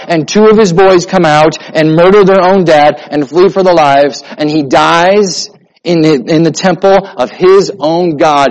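A man pastor preaching a sermon, swinging between loud emphatic lines and soft, hushed ones. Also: fairly high pitch, low-quality recording.

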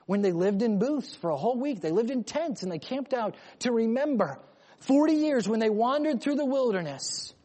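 A man preaching an emphatic sermon, rising to urgent loud lines and then dropping to quiet ones. His voice sits high for a man. A long reverb from a large hall trails every phrase. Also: animated, moderate pace. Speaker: pastor.

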